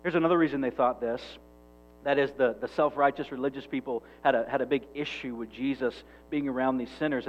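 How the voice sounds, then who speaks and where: Man preaching emphatically, lo-fi. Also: on the high side. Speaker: pastor. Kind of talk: sermon.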